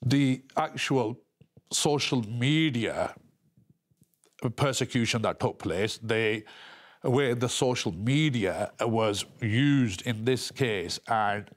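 A man speaks in a news interview, his voice pitched at a middle level. He talks haltingly, stumbling and repeating words as he recounts events. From England.

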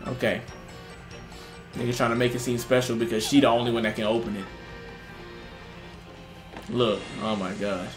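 A young man doing casual, joking let's-play commentary, reacting loudly with slang and laughter. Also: mid-range voice. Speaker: gaming streamer. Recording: roomy with music in background.

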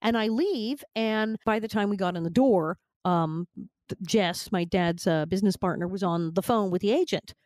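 A woman's voice: medium pitch, normal speed, no echo, clean studio sound. A woman in her fifties, a guest actress, telling anecdotes animatedly and laughing often. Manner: animated, laughing often, quoting others with exaggerated tones. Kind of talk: anecdotal storytelling.

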